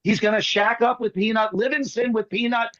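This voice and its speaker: A man performing as a magician, telling jokey stories in quick comic patter over a video call. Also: sits high, fairly even intonation, a bit bright, no room sound, highs cut off. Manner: rapid joking storyteller, playful teasing. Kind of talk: comic patter on an online show.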